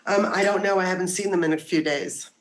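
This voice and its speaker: Low-voiced middle-aged woman. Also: fast talker, crowd noise, low-quality recording. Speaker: mother of a co-host. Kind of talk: casual chat.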